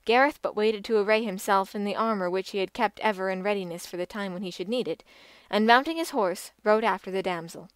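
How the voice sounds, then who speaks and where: A woman reads an old legend aloud in a measured, expressive way. Her voice is smooth and clear at a middling pitch, and the recording is close and dry, with no room sound. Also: no echo. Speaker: audiobook narrator. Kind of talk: scripted storytelling narration.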